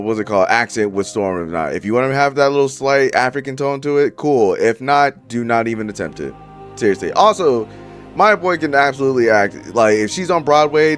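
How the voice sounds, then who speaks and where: A young man giving casual, profane commentary straight to his viewers, full of slang. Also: medium pitch. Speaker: YouTuber reviewing movie casting.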